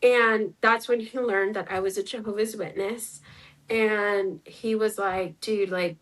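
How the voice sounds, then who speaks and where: A woman in her twenties, a guest on an interview, tells a personal story in a chatty way, acting out dialogue and saying "like" a lot. Her mid-range voice has a steady, fairly bright tone at a measured pace. The recording is low quality.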